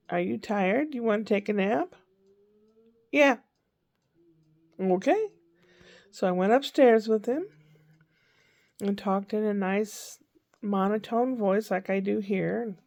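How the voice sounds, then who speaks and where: A woman's voice: mid-range voice, creaky, a little mellow. An older woman chatting casually in a rambling diary-style vlog, often correcting herself mid-sentence. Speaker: vlogger.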